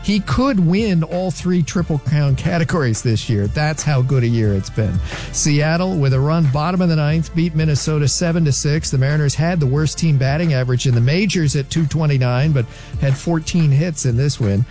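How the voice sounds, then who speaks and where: A male sports anchor reading a baseball scores update in a brisk, matter-of-fact way. His voice sits a bit high for a man. Faint music plays underneath. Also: mellow.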